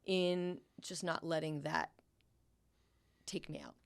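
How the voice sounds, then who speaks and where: A woman's voice: low-pitched, steady tone, slow pace, vocal fry, smooth. A middle-aged woman with a New England accent, a podcast guest chatting casually and acting out her own thoughts in a raised voice. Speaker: podcast guest, sign painter. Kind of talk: casual interview chat.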